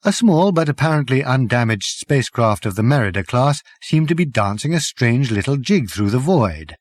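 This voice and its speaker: A man narrating an audiobook with expressive storytelling. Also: mid-range voice, moderate pace, dry recording.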